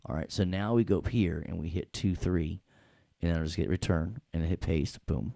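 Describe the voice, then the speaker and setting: A man teaching an audio software class in a playful, joking way, talking the students through each step. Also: sits low, moderate pace, gravelly, dry recording, clean studio sound. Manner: playful, jokey, talks to the class. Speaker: audio production instructor. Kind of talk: live classroom software tutorial.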